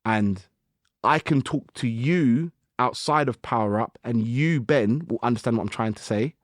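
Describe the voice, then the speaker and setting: Animated man telling stories. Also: medium pitch, normal speed, no echo, studio quality. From United Kingdom. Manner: animated storytelling with slang and acted-out self-talk. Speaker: guest musician. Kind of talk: casual podcast conversation.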